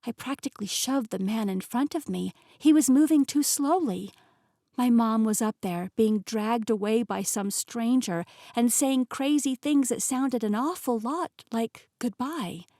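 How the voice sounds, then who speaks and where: A woman narrating a novel in the first person, telling the story in an expressive, emotionally engaged way. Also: fairly high pitch, unhurried, no room sound, studio quality. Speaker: audiobook narrator.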